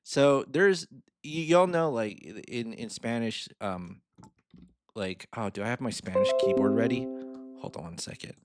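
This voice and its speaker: A man's voice: mid-range voice, unhurried, faint music behind. A man giving a casual screen-share finance lesson, chatty, with playful asides and chuckles. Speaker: financial mentor.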